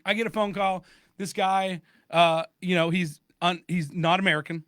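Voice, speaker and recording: Man, podcast co-host, lively storytelling, plays both voices of a call, high voice, dry room. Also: normal speed, no room sound. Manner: animated storyteller acting out both sides of a phone call. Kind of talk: casual storytelling chat.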